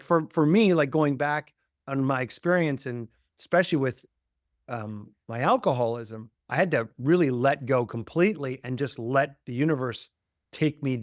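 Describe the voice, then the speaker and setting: A man's voice: mid-range voice, no echo, studio quality. A man hosting an interview podcast, talking reflectively and searching for words, often saying "you know" and "like". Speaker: podcast host. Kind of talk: conversational interview.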